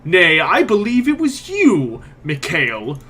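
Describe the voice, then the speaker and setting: A man's voice: sits high, huge pitch swings, slow, bright, forceful tone, slightly rough, heavily acted. A man doing a scowling, blustering witch hunter captain. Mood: accusing. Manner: accusing, blustering.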